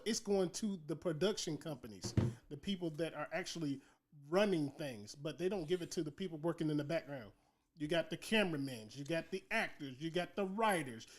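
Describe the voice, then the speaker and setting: A man co-hosting a casual podcast chat, making emphatic points with rhetorical build-ups. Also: fairly high pitch. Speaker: podcast co-host.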